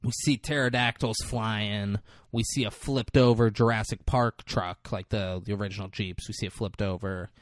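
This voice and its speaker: A man's voice: lowish voice, fairly even intonation, normal speed, few pauses, no room sound. A man hosting a podcast, casually recapping a movie with profanity and jokes and mimicking the characters in exaggerated voices. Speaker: podcast host.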